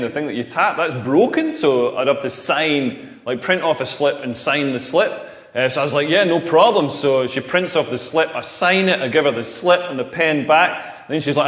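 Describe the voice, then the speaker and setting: A man's voice: on the high side, a bit bright. A man doing a crude, self-mocking stand-up routine on a club stage. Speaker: stand-up comedian. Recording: echoey stage with long reverb.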